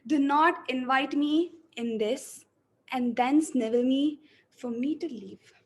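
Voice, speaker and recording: A woman's voice: sits high, slow. A woman acting out a monologue as a haughty personified force of life and truth, declaiming it. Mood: cold, scornful.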